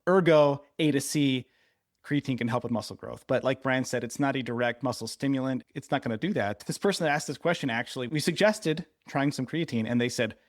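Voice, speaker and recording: Animated teasing man, dry close sound. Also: medium pitch, no echo. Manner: animated, teasing, explains at length. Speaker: podcast co-host. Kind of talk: casual podcast chat.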